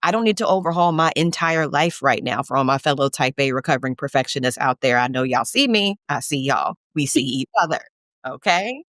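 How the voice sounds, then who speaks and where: A woman's voice: rumbling low, lively intonation, fairly quick, a bit bright. A woman therapist speaking on a podcast with punchy, repeated lines of encouragement. Her speech is casual and colloquial. The sound is dry, with no room echo. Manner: emphatic, repeats lines like a pep talk; colloquial, calls listeners y'all and sis. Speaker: guest therapist. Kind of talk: podcast conversation.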